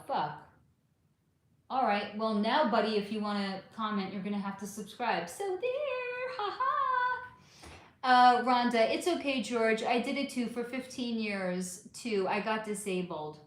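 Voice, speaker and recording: Middle-aged woman, livestream host, lively pitch swings, blunt and sarcastic, roomy echo. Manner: animated, blunt, sarcastic with commenters. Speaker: livestream host reading chat. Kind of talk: casual livestream chat. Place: home room.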